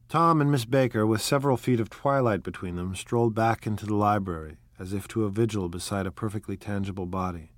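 A man narrating an audiobook in a measured, soft-spoken, reflective way. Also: lowish voice, dry recording. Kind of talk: scripted narration.

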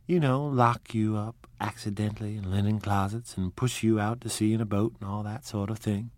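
A man's voice: on the low side, steady tone, normal speed, no echo, close to an everyday voice. A man voicing a charming, flighty young society woman in a storybook reading, with a breathless, gushing manner.

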